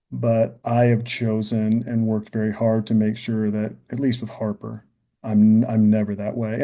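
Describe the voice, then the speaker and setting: Deep, mellow-voiced man reflecting earnestly. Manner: earnest, thinks aloud, often adds "you know" and "right?". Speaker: podcast guest. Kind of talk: reflective podcast conversation.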